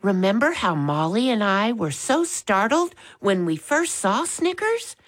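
Woman doing a storybook mom, kind, calm, sympathetic, slow. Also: medium pitch, pitched above the performer's own voice. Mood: gentle. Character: kind, caring mother. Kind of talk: storybook reading.

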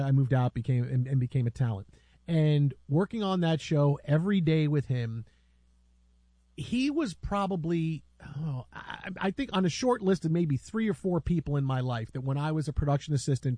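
A man's voice: a little high, warm tone, no echo. A man hosting a casual sports talk show, rambling with many restarts as he tells stories about a colleague.

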